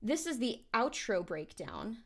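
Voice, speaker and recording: Woman singer rambling slow between vocal takes, super swingy pitch, kinda phlegmy morning voice. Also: very animated. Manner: chatty, thinks aloud, filler-heavy. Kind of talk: casual livestream chat between takes. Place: home recording studio. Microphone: studio condenser mic.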